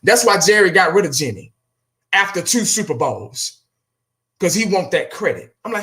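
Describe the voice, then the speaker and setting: High, bright-voiced man ranting. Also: sing-song, normal speed. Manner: blunt, profane, talks straight to viewers. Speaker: fan channel host. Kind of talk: casual solo rant.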